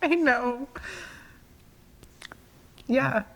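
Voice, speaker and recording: A woman's voice: sits high, extremely slow, gravelly, a bit bright, big-room sound. A woman co-hosting a reflective podcast, searching for words as she reflects. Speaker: podcast co-host. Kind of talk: reflective conversation.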